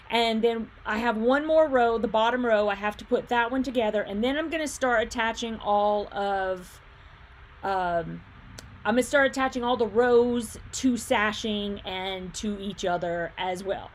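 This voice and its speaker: A livestream host who owns a quilt shop chats casually, reading viewer comments and thinking aloud, laughing readily and humming fillers as she adjusts her screen. She speaks at a measured pace in a slightly high voice, with slight background noise.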